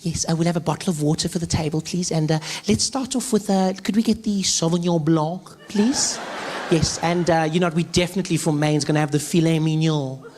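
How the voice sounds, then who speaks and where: A comedian playing a restaurant diner who puts on an affected posh manner when ordering. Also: male voice, a little high, fast talker, a little mellow, slight background noise, lightly acted. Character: man ordering in a fake French accent.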